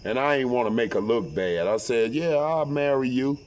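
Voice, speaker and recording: A man tells a personal story in rough, profane talk. He gets animated and loud when acting out what was said, and stumbles over repeated words. His voice sits at an ordinary middle pitch. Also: moderate pace. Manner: profane, animated, acts out quotes loudly. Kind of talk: casual storytelling.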